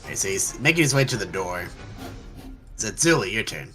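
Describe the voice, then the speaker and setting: A young man running a tabletop game as game master, talking haltingly with many fillers and counting moves aloud. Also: fairly low pitch, sing-song, fairly bright tone, faint music behind.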